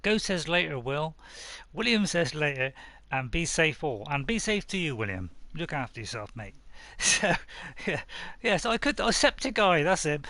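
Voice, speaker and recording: West country guy chatting on his game stream, bright forceful voice, dry close sound, chuckles a lot. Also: a little high, lively intonation, normal speed, no echo. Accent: West Country English. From Bristol, England. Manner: chatty, chuckling, reads viewer messages aloud. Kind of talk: casual live-stream chat.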